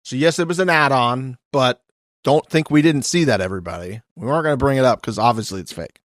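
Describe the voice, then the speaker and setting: Male podcast co-host, mid pitch, dry close-mic sound, lively casual recap banter. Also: quick pace, dry recording. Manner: animated, acts out quotes in put-on voices.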